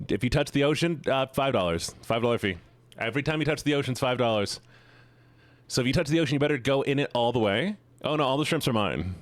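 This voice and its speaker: Playful teasing streamer, lively pitch. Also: male voice, dry recording. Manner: playful, teasing, mock-villainous boasting to chat. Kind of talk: casual live-stream chat.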